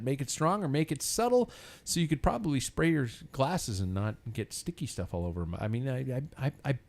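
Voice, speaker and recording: A man hosting a live podcast in a bar, chatting casually, rambling and swearing freely. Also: medium pitch. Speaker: podcast host.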